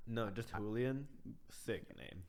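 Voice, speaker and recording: A young man co-hosting a casual podcast chat, answering with dry, deadpan quips. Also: on the low side, slow. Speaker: podcast co-host.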